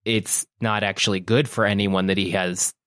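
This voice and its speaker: Low-voiced man chatting about films. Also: normal speed, clean tone, dry recording, clean studio sound. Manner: animated, joking, mimics characters. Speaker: podcast co-host. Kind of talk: casual film discussion.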